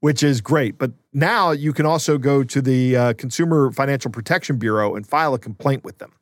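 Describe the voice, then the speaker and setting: A man's voice: medium pitch, fairly quick, no room sound, clean studio sound. A man co-hosting a podcast in casual chat, talking loosely with fillers and laughs. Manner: conversational, with frequent fillers and laughs. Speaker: podcast co-host.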